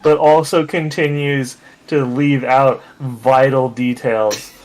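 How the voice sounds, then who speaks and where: A man joining a group read as a guest, giving wry, measured commentary. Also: medium pitch, fairly even intonation, noisy background. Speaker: guest co-reader. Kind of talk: casual joking chat.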